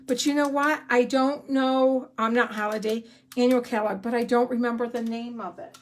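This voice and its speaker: Brief: high-pitched woman, excitable crafting demonstrator, chatty and rambling, live from an indoor craft room. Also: normal speed. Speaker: card-making demonstrator.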